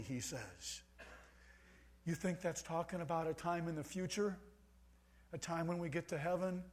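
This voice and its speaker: Male preacher, sermon delivery, slow and emphatic, slightly raised pitch. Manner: emphatic, swings between soft and loud for stress.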